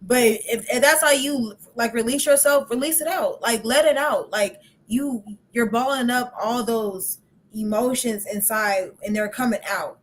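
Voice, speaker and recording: A woman's voice: on the high side, measured pace. A young woman hosting a podcast in casual chat, talkative and laughing often, with many "like" fillers. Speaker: podcast host.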